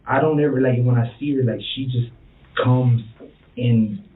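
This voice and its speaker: A man being questioned about a killing, speaking in a rambling, halting way full of fillers and swearing. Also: mid-range voice, fairly even intonation, slight background noise. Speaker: murder suspect being questioned. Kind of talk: interrogation confession. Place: police interview room. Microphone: room recording from a distance. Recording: tinny, echoey, distant room recording.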